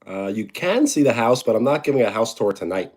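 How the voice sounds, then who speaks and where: A man's voice: fairly low pitch, very animated, brisk, a little mellow, breathy edge. A man with a New York accent, casually chatting with viewers on a home live stream and answering their questions with dry humor. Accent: New York (Brooklyn / Long Island). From New York, USA. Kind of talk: casual live-stream chat, reading comments.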